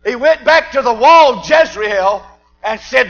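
High, gravelly preacher man. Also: animated, measured pace, highs cut off. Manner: swings between shouted preaching and low asides. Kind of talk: sermon.

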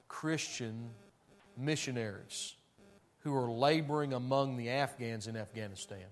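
A man preaching a sermon, emphatic and conversational, swinging between loud declarations and hushed, somber passages. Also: mid-range voice, measured pace. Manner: conversational asides to the congregation.

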